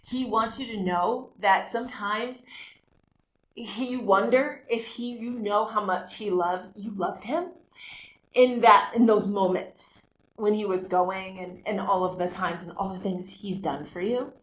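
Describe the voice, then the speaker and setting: A woman hosting a talk show, giving a live psychic medium reading in a halting, rambling way with many restarts. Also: medium pitch, fairly even intonation. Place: community TV studio. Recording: roomy, echoey room sound.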